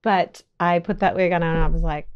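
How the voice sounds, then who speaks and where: A woman's voice: fairly low pitch, steady tone, brisk, clear, resonant tone, lo-fi sound. A middle-aged woman hosting a podcast, chatting casually and telling stories with frequent laughs. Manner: chatty storyteller who laughs often. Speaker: podcast host. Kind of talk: casual chat.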